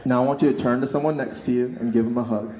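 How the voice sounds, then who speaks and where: A man leading a protest crowd through a calm, guided emotional exercise. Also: medium pitch, highs cut off, background noise. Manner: calm, coaching, measured. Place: outdoor street protest. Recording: echoey outdoor PA, crowd behind.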